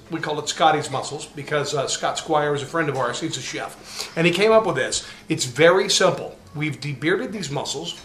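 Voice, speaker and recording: A man hosting a casual cooking demo outdoors, upbeat and jokey, getting loud with excitement. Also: fairly high pitch. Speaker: home cooking host. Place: outdoor backyard grill area. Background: faint burner roar and outdoor noise.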